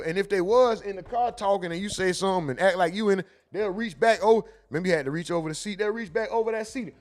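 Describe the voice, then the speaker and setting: Animated high-voiced man hosting a live stream. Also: fast, few pauses, faint music behind. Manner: animated, loud bursts, mimics people in quotes, laughs. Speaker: live stream host reading chat. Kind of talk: casual live stream commentary.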